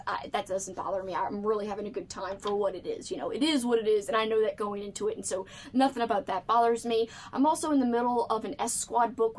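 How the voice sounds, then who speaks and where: A woman book vlogger chatting casually to camera, bubbly and full of "like" fillers. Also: medium pitch.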